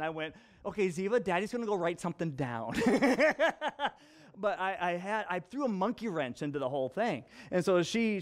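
A male pastor preaching a storytelling sermon, animated and acting out dialogue with playful voices. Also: high-pitched.

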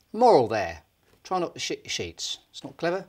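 Husky man telling a joke. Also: mid-range voice, fairly bright tone. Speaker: stand-up comedian.

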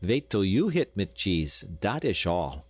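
A man voicing a good-humored Dutch boy who speaks halting broken English with a thick put-on accent and lisped s sounds, for an audiobook. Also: sits low, big pitch swings, breathy edge, no room sound, full character voice. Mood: cheerful. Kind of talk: audiobook character voice.

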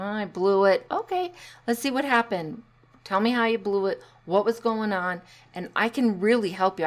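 A woman's voice: mid-range voice, a bit bright. A middle-aged woman hosting a casual solo podcast as a parenting coach, chatty and encouraging, with sarcastic asides.

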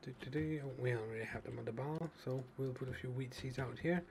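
Man, gravelly voice, rambling game commentary, fillers and restarts, faint keyboard typing. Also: mid-range voice, a little fast, darkish tone, a little hiss or hum. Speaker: let's play gamer.

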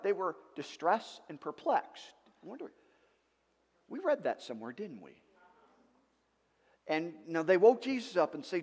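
A male pastor preaching a sermon in an animated way, with rhetorical questions and emphatic outbursts. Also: high voice, a little slow, long pauses, slightly rough, long reverb tail. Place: church sanctuary.

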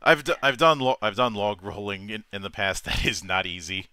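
A man's voice: lowish voice, expressive, normal speed, sharp tone, clear, resonant tone, no room sound. A man hosting a casual talk stream, rambling with many restarts and frequent chuckles. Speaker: host. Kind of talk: casual chat.

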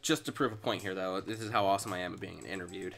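A man's voice: low-pitched, quick pace, creaky, fairly bright tone. A young man co-hosting a casual gaming chat, telling a story with teasing asides and laughter. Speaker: co-host.

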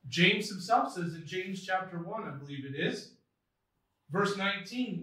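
A man's voice: a little high, normal speed, bright, forceful tone. A man preaching a sermon as pastor, reading scripture aloud with earnest emphasis. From United States. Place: church sanctuary. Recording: echoey church hall from far off.

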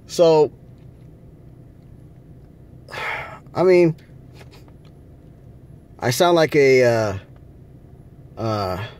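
A man's voice: mid-range voice, darkish tone. A man vlogging from a rental car, ranting angrily with lots of swearing. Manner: angry, profane ranting. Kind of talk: casual vlog rant.

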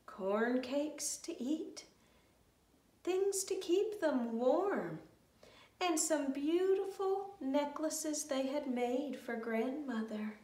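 A woman telling a children's story in a slow, gentle way, with sung refrains. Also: high voice, animated, reverberant, far from the mic.

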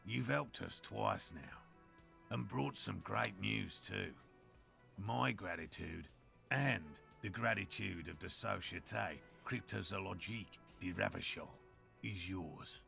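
An actor voicing an earnest middle-aged male cryptozoologist, gravelly, with a formal, eager, sometimes defensive manner. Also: sits low, slow, sharp tone, faint music behind, exaggerated voice. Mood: moved. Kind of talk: video game voice acting.

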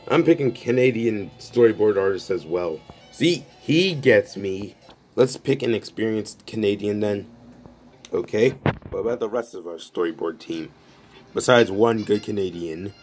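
Low, slow-talking man in jokey banter. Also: darkish tone, faint music behind. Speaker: creator of an improvised comedy skit. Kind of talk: unscripted comedic banter.

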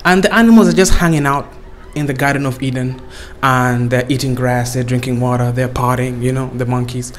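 A man's voice: medium pitch, fairly even intonation, a little fast, a little hiss or hum. A man telling a comic story casually, swearing and laughing at his own jokes. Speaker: comedian. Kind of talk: comedic storytelling.

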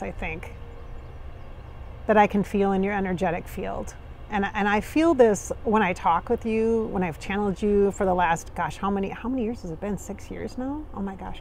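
A chatty woman with a gravelly, creaky voice, talking through a spiritual channeling session in a loose, conversational way. Her humor runs dry and sarcastic, and her pitch sits in an ordinary middle range. Faint street noise drifts in behind her outdoors. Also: a little mellow. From Minnesota. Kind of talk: casual spiritual channeling talk.

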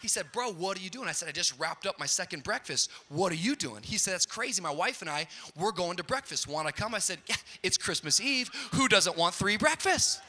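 A middle-aged man preaching a sermon, telling a funny story in a storyteller's way and building up to shouted peaks. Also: high voice, animated, quick pace, hardly any pauses. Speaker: pastor. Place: large church auditorium. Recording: hall reverb.

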